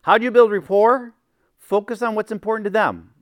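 A man's voice: sits high, a little fast, no room sound. Middle-aged guy talking to a group, acts out quotes, dry sound. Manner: animated, acts out quotes, keeps checking in with "right?". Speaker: workshop speaker, former chaplain. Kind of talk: informal teaching talk to a group.

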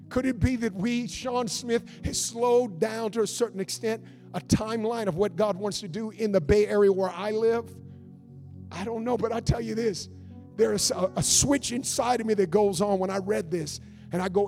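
A man preaching a fervent sermon in a church, swinging between loud build-ups and hushed passages. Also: sits high, moderate pace, soft background music. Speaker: pastor.

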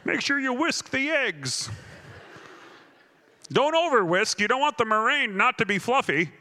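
A man's voice: very high voice, sing-song, unhurried, pushed and bright, voice pushed up, full character voice. A man voicing a fussy grandmother over sixty who gives careful baking instructions. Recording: echoey hall.

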